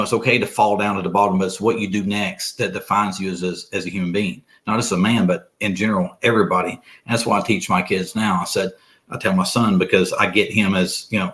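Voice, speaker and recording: A man's voice: fairly low pitch, fairly bright tone. A middle-aged man talking earnestly as a podcast guest, rambling and restarting his sentences. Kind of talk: casual conversation.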